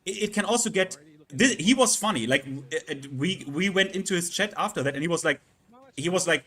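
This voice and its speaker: Male streamer, casual live chat; halting delivery full of fillers and restarts. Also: high voice, expressive, fairly bright tone, husky. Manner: halting, repeats words, many fillers.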